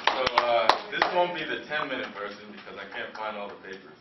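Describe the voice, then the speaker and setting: A man's voice: fairly low pitch, expressive, quick pace, very noisy. A man from New Jersey performing spoken word poetry in an earnest, confessional, rhythmic way. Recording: echoey room, far from mic, dull lo-fi sound.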